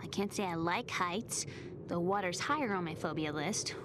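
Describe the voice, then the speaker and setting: An actress voicing a timid young woman in a video game, soft and earnest, afraid of water and heights. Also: lowish voice, normal speed, a little hiss or hum, close to an everyday voice.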